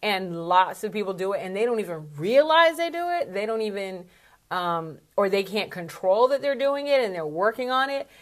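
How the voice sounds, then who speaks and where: A woman's voice: mid-range voice, expressive, moderate pace. A woman speaking coach chats to camera in a casual vlog. She is candid and talkative, and she keeps dropping in asides as she explains her point. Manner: chatty and candid, with frequent fillers and asides.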